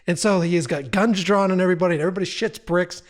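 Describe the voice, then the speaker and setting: He's a music video director in his thirties with a high-pitched voice, talking very fast as a podcast guest. Animated and laughing as he goes, he swears freely while casually spinning stories.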